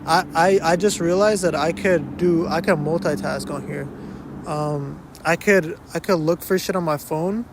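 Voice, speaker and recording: The background is noisy as a young man talks at a measured pace in a fairly high voice. He hosts a casual solo podcast from an uptown neighborhood of a big city, rambling, stopping himself mid-sentence, swearing, and shifting between English and Spanish.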